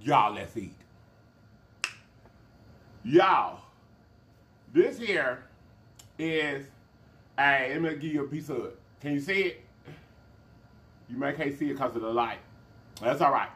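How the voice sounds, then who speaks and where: Man, mukbang host, casual vlog chat, lively swooping pitch, bright tone. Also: slow, long pauses. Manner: animated, excitable, calls out to viewers.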